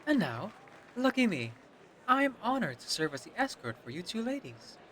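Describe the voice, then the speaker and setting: A man's voice: high voice, sing-song, moderate pace, sharp tone, a faint crowd, slight background noise, pitched above the performer's own voice, heavily acted. A man voicing a charming young male researcher with a gallant, playful manner.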